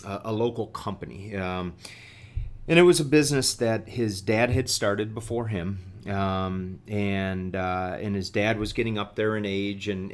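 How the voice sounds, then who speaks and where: Middle-aged male podcast guest, low-pitched, rambling anecdote full of restarts. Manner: halting, many fillers and repeated words. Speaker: guest executive. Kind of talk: storytelling in a podcast interview.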